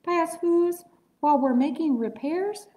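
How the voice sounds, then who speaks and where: A woman voicing a tiny, frightened male mayor in a read-aloud storybook, calling high and thin. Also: unhurried, mellow. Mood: pleading. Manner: high, calling from far below. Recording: echoey room.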